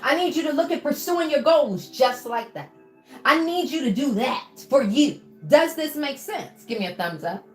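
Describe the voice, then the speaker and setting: Lively high-voiced woman coaching with fervor. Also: moderate pace. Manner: preachy and encouraging, calls listeners baby, asks for replies. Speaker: motivational coach on a livestream. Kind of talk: live-streamed motivational talk. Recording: roomy echo with faint music.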